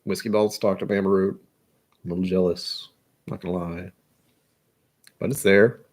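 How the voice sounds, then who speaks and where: Young American man, whiskey vlog host, casual self-mocking musings, slightly low voice. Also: little pitch movement, unhurried. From United States. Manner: self-deprecating, musing aloud. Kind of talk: casual rambling monologue.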